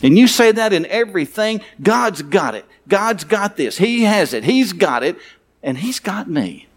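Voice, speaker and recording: A man with a high voice preaches with fervor, driving his points home through repetition and rhetorical questions. He speaks as a pastor closing his sermon and leading his congregation into prayer. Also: very animated, unhurried. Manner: fervent and emphatic, repeating phrases and asking rhetorical questions.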